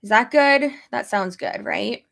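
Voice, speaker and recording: A young pregnant YouTuber chats casually on her stream, reading comments, thinking aloud and swearing now and then. Her mid-range voice is a little slow, gravelly and slightly bright.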